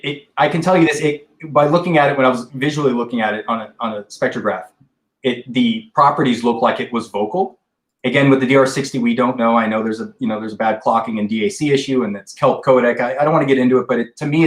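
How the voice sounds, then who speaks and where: A man's voice: mid-range voice, quick pace, reverberant, poor audio. A man on a paranormal podcast, rambling through explanations with restarts and asides. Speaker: paranormal investigator guest. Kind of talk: casual podcast discussion.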